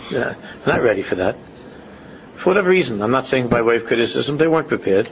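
Speaking quickly and with animation in a mid-range voice, this religious speaker keeps restating his phrases in an informal talk and climbs into emphatic questions. Slight background noise sits under a muffled, lo-fi recording.

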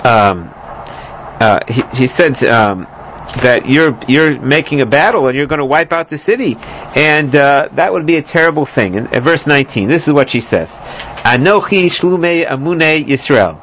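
A man's voice: mid-range voice, animated, moderate pace, fairly bright tone, a little hiss or hum. A man teaching a scripture lesson, rambling with many fillers, restarts and joking asides, in a dull lo-fi recording. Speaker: Bible teacher. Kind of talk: lecture on scripture.

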